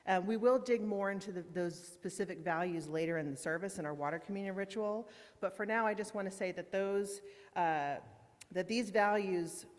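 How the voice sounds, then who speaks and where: A woman's voice: medium pitch, moderate pace. Woman minister in a reverberant church. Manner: warm, informal, with fillers and slips. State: emotional, holding back tears. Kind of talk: welcome and announcements in a church service. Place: large church meetinghouse.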